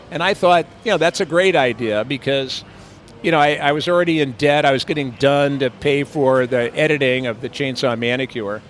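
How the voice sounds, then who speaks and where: Standing on a city street for an interview, an older man who acts spins meandering stories, filling them with filler words and playful impressions. He speaks at medium pitch and moderate speed over a little hiss or hum.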